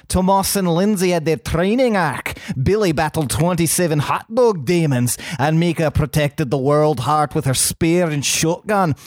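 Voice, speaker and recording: A man's voice: sits high, dry recording, clean studio sound, natural voice. A man voicing a boisterous male fan with a put-on Scottish accent, reading a review aloud in a mock-dramatic, swearing manner.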